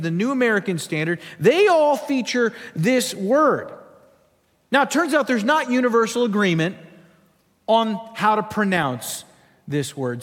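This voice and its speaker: A man's voice: sits high, fairly bright tone, long reverb tail. A man preaching a sermon as a pastor, telling a story with humorous asides.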